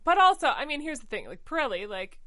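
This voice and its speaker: A woman co-hosting a casual podcast chat, breezily retelling a plot with mock quotes and quick asides. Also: high voice, very animated, pushed and bright. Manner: chatty, quick paraphrasing with mock quotes and laughs. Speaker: podcast co-host. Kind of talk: casual chat recapping a musical.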